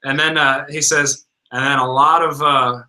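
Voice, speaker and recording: A man's voice: mid-range voice, steady tone, normal speed, sharp tone, rough recording. A young man co-hosting a casual chat, rambling through stories with lots of filler words. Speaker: podcast co-host.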